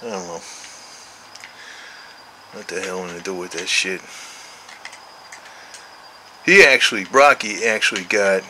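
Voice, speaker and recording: Rambling, cussing man in his sixties, bright tone. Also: sits low, lively intonation, a little slow, long pauses, slight background noise, rough recording. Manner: meandering, profane, coaxing talk to the cat. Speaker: vlogger, cat owner. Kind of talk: rambling casual chat to his cats.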